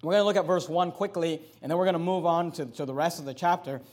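High-voiced preacher with dynamic delivery. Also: male voice, fairly even intonation, fast talker. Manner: dynamic preaching, shifts between loud emphasis and quiet asides. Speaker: pastor. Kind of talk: sermon.

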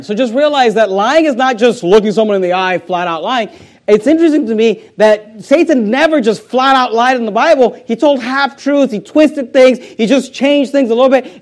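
A man with a high voice preaching a sermon to his congregation. He speaks emphatically, often repeating words as he builds each point. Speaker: pastor.

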